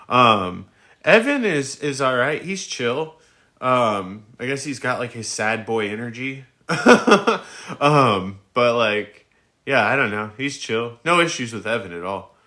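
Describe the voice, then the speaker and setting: Thirties man, bright tense tone, chatty livestream host, laughs a lot, talks into his phone. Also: medium pitch. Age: 30s. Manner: chatty, laughs often, lots of fillers. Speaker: livestream host answering questions. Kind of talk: casual rambling chat.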